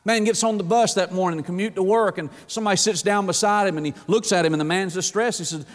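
A man's voice: sits high, quick pace, hardly any pauses. A middle-aged man, a pastor, preaching a sermon in a folksy, emphatic way, with repeated phrases and direct appeals to the congregation. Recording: long reverb of a large hall.

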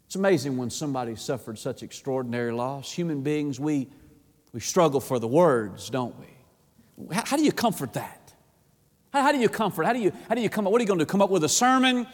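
A man preaching a sermon, impassioned, often repeating words and swinging between hushed and rising delivery. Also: on the high side, lively intonation, quick pace, big-room sound.

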